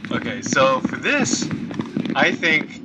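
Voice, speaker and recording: A man's voice: fairly high pitch, heavy background noise. A man of Filipino heritage chatting casually while gaming, stammering and repeating words. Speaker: gamer.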